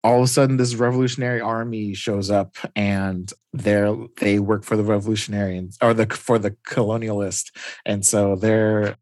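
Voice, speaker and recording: A man's voice: lowish voice, level tone, moderate pace, darkish tone, no room sound. A man hosting a podcast, casually recapping a comic story with frequent "like"s and restarts. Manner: rambling, many "like"s and restarts. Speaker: podcast host.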